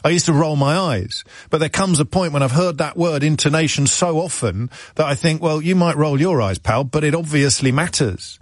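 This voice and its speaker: A man's voice: mid-range voice, dry recording. A man hosting a radio phone-in from England, musing wryly and restarting his sentences as he talks. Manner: wry, discursive, repeats words when restarting. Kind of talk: talk radio monologue. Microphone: studio microphone.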